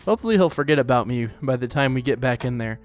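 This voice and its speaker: A man's voice: medium pitch, animated, fast. Man, casual game commentary, rambling and chatty, faint music behind. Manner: rambling, chatty, lots of fillers and laughs. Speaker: let's play host.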